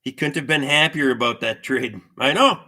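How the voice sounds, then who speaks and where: A man's voice: medium pitch, normal speed, sharp tone. A middle-aged man hosting a livestream, telling rambling, profane stories and reading viewer comments aloud. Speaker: livestream host. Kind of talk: casual storytelling chat with viewers.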